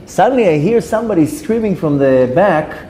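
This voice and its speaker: Man, storyteller, animated, acts out dialogue, mellow tone, long hall reverb, faint background noise. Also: sits high, normal speed. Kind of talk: personal storytelling to an audience.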